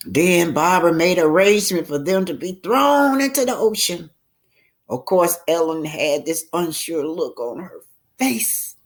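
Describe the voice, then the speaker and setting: Expressive woman reading a novel aloud. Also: fairly low pitch, a little slow. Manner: dramatic, voices characters, asides to listeners. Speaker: book club reader.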